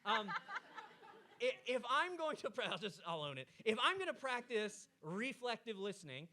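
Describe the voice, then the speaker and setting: Animated high-voiced man preaching. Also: a little slow, noisy background. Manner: animated, acts out quoted arguments. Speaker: pastor. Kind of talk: sermon on marriage. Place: church stage.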